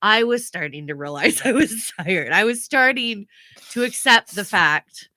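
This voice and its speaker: A woman's voice: mid-range voice, unhurried, no room sound, studio quality. A woman, co-hosting a casual podcast chat and telling family stories, acting out voices and laughing often. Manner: animated storytelling, acts out family members' voices, laughs often. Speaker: podcast co-host.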